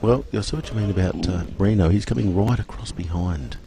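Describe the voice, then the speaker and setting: Male play-by-play caller, deep register, live commentary that swells to shouts at goals. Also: brisk, creaky, a little hiss or hum. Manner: rises to excited shouts at goals.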